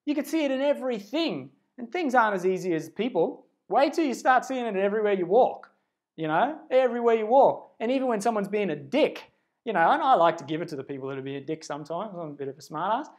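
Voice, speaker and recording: A man giving a livestreamed spiritual pep talk into a phone camera, earnest and rambling, swinging between hushed and loud, blunt and casually profane. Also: high-pitched, animated, fast. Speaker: spiritual self-help speaker.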